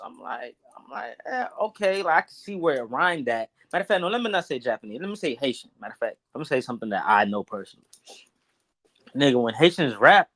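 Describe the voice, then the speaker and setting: Man, casual banter, laughing, profane, slightly high voice. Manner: laughing, profane, animated storytelling with quoted voices.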